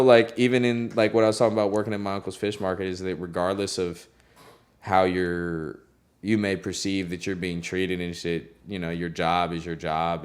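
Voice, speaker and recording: This deep-voiced young man is a recording engineer swapping stories in a casual interview. He stays relaxed, laughs frequently, and keeps saying "like" and "you know."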